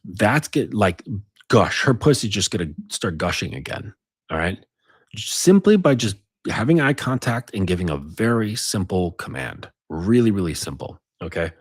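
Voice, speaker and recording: Male coach, low husky voice, lively pitch, dry close sound. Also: normal speed, no room sound. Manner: insistent, repeats tag questions. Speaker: dating coach. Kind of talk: casual advice monologue.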